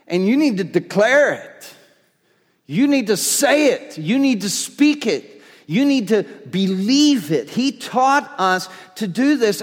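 A man's voice: extremely high pitch, in a large hall. A man preaching a sermon as pastor, emphatic and driving his points home with repeated declarations.

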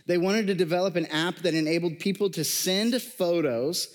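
A man's voice: sits high, normal speed, long reverb tail. A man giving a casual, conversational sermon to a live congregation, joking and using lots of fillers.

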